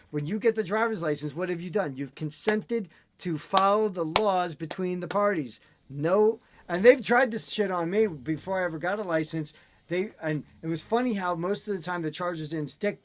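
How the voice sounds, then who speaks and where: Ranting man with a higher voice. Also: noisy background. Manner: animated, ranting storyteller. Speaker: host. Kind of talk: casual chat.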